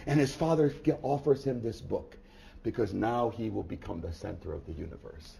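A man preaching a sermon through a scripture passage, dropping to hushed tones and then building to loud, emphatic bursts, with repeated rhetorical questions. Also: on the low side, moderate pace, gravelly. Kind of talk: expository sermon reading from scripture.

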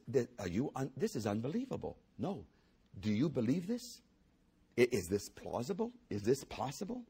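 A man's voice: fairly low pitch, darkish tone, husky. A man preaching a sermon, emphatic and building to a raised voice. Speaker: pastor.

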